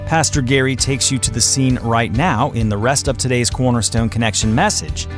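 A man's voice: medium pitch, moderate pace. A man reading a scripted introduction for a radio ministry program. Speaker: program announcer. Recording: guitar music underneath.

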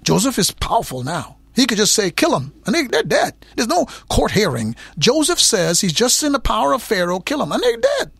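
A man preaching with a high, swooping voice that has a gravelly rasp at the edges. He teaches from the Bible emphatically and repeats key words for effect. The sound is close and dry. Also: huge pitch swings, brisk, hardly any pauses, a bit bright, dry recording. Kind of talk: sermon.

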